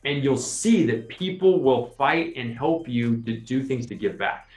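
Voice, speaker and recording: A man co-hosts a podcast in a casual, animated way, building his case with lots of "right?". His voice sits in the middle range and rings in a roomy space. Faint music plays underneath. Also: medium pitch, unhurried. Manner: animated, persuasive, often adds "right?". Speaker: podcast co-host. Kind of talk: casual conversational explaining.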